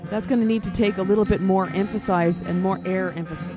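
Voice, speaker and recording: A woman's voice: medium pitch, steady tone, fast. A woman giving live feedback to a concert band, encouraging them and singing phrases to show how they should sound. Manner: encouraging, sings phrases to demonstrate. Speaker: band adjudicator. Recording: loud band music behind voice. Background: concert band playing.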